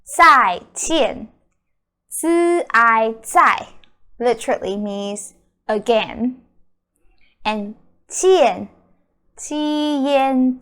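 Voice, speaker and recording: A woman's voice: fairly high pitch, a bit bright. A young adult woman teaching a beginner Mandarin lesson, patiently repeating words and explaining each one. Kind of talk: slow beginner language lesson.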